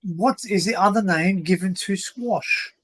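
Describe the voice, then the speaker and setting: An Australian man with a notably high voice hosts a relaxed pub-trivia chat. He talks in a chatty, joking, easygoing way, as if speaking over a video call. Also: unhurried. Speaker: host of a trivia livestream. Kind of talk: casual chat, quiz hosting.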